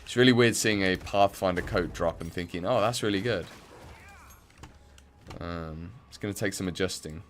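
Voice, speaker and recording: Low-voiced English man, rambling stream chat. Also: moderate pace, slight background noise. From English Midlands. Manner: rambling, many fillers and restarts. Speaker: game streamer. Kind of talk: casual chat while playing.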